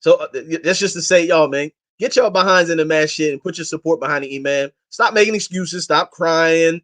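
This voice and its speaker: Male interview guest, rapid delivery, impassioned and slangy, exhorting. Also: on the high side, fairly bright tone. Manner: impassioned, exhorting his listeners; slangy and emphatic. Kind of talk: casual interview talk.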